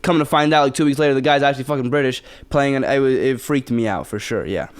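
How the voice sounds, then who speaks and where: Rambling young man, smooth voice. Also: mid-range voice, fast talker. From the Bronx, New York. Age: 20s. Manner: relaxed, rambling, many fillers and restarts. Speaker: actor guest. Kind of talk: casual interview chat.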